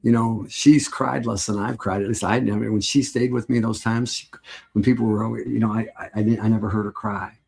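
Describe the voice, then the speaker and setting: A middle-aged man hosts a casual live stream. His low voice is gravelly and husky, and he rambles along in a heartfelt way, often breaking into laughter. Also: steady tone, a little fast, darkish tone.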